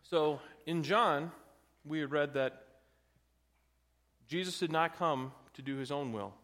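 Guy preaching a sermon, pretty high voice, folksy, gets fired up, big reverby church hall. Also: slow, a bit bright. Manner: preaching with rising intensity, folksy asides. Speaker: pastor.

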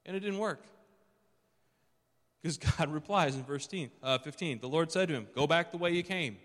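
A man's voice: on the high side, normal speed, a bit bright. Man preaching a sermon in a reverberant hall. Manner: conversational preaching, dramatizes quotes. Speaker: pastor.

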